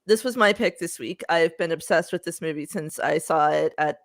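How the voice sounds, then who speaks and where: A woman's voice: sits low, normal speed, vocal fry. A woman co-hosting a horror film podcast, chatting casually with many fillers, restarts and frequent giggles. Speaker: podcast co-host. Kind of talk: casual chat.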